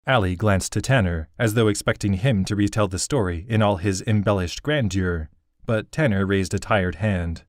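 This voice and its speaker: A man narrating a fantasy audiobook in a measured, steady storytelling manner. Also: deep voice, no echo, studio quality.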